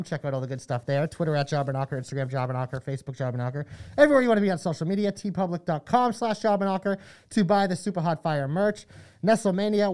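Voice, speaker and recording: A man's voice: fairly high pitch, darkish tone. Upbeat man co-hosting a wrestling podcast. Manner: upbeat, reads plugs quickly. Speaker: podcast co-host. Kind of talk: casual podcast chat.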